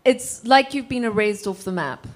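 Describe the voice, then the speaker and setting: A woman's voice: fairly high pitch, moderate pace. Woman from Zimbabwe, guest author; wry, self-mocking storyteller taking audience questions. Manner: humorous, self-deprecating storyteller. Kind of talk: casual conversation with an audience.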